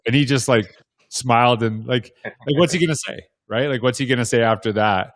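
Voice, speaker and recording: A man's voice: medium pitch, fairly quick, no room sound, studio quality. A man telling stories as a guest panelist in casual talk, rambling with many restarts and fillers. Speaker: guest panelist, educator and former basketball referee. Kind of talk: casual storytelling on a video panel.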